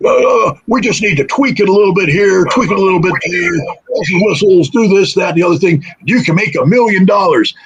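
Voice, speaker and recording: A man voicing a slick, flattering male Hollywood talent scout who gives a smooth sales pitch. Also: fairly quick, lo-fi sound, noisy background.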